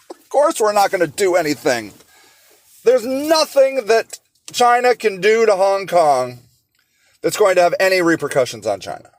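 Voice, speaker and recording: A man hosting a solo podcast, talking with passion and sarcastic rhetorical questions, halting often with fillers and restarts. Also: sits high, sing-song, dry recording. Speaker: podcast host.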